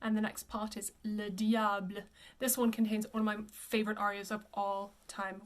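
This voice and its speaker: A woman voice coach giving a pronunciation lesson. She demonstrates each word slowly and then repeats it. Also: mid-range voice, little pitch movement.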